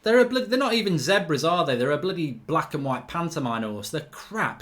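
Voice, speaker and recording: A man's voice: on the high side, lively intonation, fairly quick, hardly any pauses, a bit bright. A man hosting a live match reaction stream, reading chat messages aloud and ranting with frequent swearing and sarcasm. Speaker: football fan livestream host.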